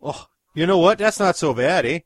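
Picture a slack, drawling Canadian alien, as a man puts him on, his voice pitched up well above the man's own. He hedges every thought with "like" and "eh", apologizing as he goes. The sound is close and dry. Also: animated, normal speed, no echo. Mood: rambling. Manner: rambling, "like" and "eh" fillers, apologetic. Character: dim laid-back male Canadian alien captive.

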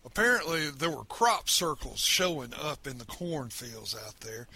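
A bright, gravelly hillbilly farmer, played by a man, drawling. His voice is a touch high and swoops around as he boasts about his finds. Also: very animated, normal speed, heavily acted. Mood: boasting.

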